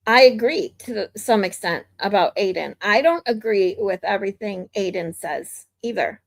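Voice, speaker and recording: A woman's voice: medium pitch, moderate pace, gravelly. A woman streamer from the United States giving blunt, opinionated commentary in a casual ranting manner.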